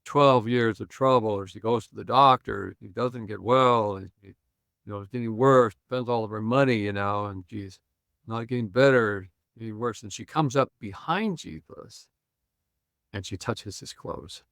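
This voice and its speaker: An older man, a pastor and Bible scholar, retelling a story with lively acted-out lines and chuckles in a podcast conversation. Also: fairly low pitch, normal speed, vocal fry, no room sound, clean studio sound. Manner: retells scenes acting out quoted lines, chuckling.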